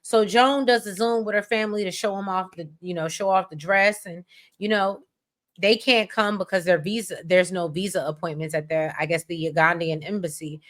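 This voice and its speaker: A woman from the United States co-hosting a casual chat, talking in an animated, rambling, expressive way. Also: fairly low pitch, normal speed. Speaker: podcast co-host.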